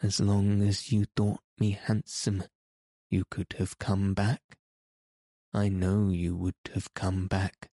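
A man's voice: low voice, flat delivery, slow, dark tone, no room sound, studio quality, exaggerated voice. A man voicing a masked phantom, tormented and menacing, with a brooding, pleading manner in an audiobook reading. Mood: anguished.

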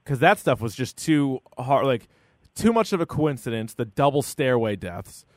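A podcast co-host with a mid-range, animated voice chats at a moderate pace about a true-crime series, acting out quotes and leaning heavily on "like." The recording is dry with clean studio sound.

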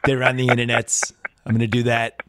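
A man's voice: mid-range voice, completely flat delivery, a little fast, a bit bright, lightly acted. A man doing a mocking impression of a pompous older male sports radio host. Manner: mocking, self-important.

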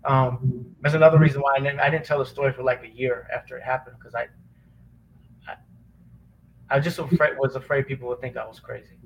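A man tells a deeply personal story in a halting, earnest way, full of restarts and pauses. He sounds choked up, close to tears, at an ordinary middle pitch. A faint hiss of noise sits under the voice. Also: fairly even intonation, creaky, poor audio. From Chicago area. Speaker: podcast guest, former police officer. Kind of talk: emotional personal testimony.

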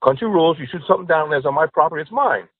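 A man's voice: fairly high pitch, expressive, rapid-fire, slightly rough. A man doing a stubborn blunt farmer. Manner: blunt and bargaining. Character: stubborn middle-aged male farmer. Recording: tinny phone-like line.

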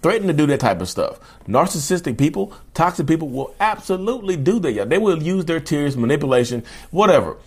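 A man's voice: a little high, sing-song, brisk, few pauses, breathy edge. A man hosting his own channel, talking casually and rambling straight to his viewers with asides and restarts. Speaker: YouTube channel host. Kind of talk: casual monologue.

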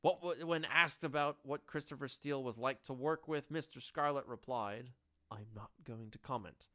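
Woman, solo commentator, sarcastic and exasperated, animated pitch. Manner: sarcastic, exasperated, laughs at own jokes. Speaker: political commentator.

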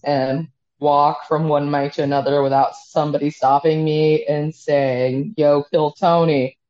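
A woman's voice: low-pitched, flat delivery, a little slow, darkish tone. A woman comedian telling stories casually as an interview guest over a video call, acting out what people said to her. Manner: storytelling, acts out quotes with lots of "like". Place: apartment above a bar. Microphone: headphones on a video call. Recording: dull lo-fi call audio.

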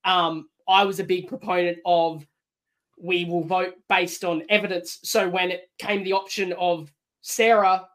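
A woman's voice: lowish voice, unhurried. A woman with an Australian accent, a guest on a podcast, arguing her view in casual chat and acting out quotes. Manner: animated, argumentative, acts out quotes. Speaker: podcast guest, former contestant.

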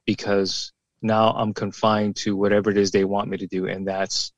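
A man's voice: fairly low pitch, level tone, normal speed, no room sound. A former police officer in his forties, talking bluntly and emphatically in a casual podcast conversation, with plenty of swearing and repeated words.

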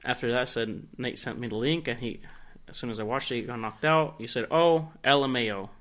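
A young man co-hosting a podcast, talking casually in a crude, animated, mock-accusing way. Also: medium pitch, quick pace. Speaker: podcast co-host. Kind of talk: casual chat.

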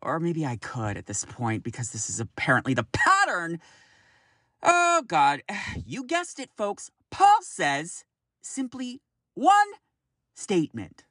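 A man in his thirties hosting a solo podcast, talking in an animated, exasperated way, swearing freely and laughing often. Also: on the high side, slow pace, no room sound, clean studio sound. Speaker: podcast host.

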